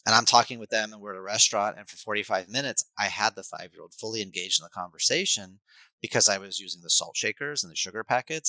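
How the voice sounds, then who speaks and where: A man, a life coach and hypnotherapist, explaining his ideas in an animated, coaching way as a podcast guest. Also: on the low side, no room sound, rough recording. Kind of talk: podcast conversation.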